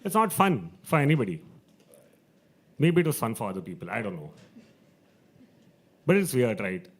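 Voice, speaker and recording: A man's voice: medium pitch, sing-song, moderate pace. A man hosting an open mic, telling a comic story to a live audience, chatty and self-mocking.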